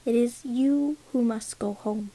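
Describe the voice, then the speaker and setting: A woman voicing a grave male archer general who speaks steadily and forcefully. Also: on the high side, a little slow. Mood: defiant.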